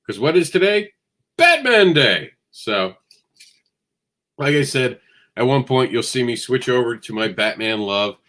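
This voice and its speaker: A man's voice: medium pitch, expressive, a little slow, pauses often, fairly bright tone. A man hosting a comics news show, rambling and enthusiastic with a self-deprecating streak. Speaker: host.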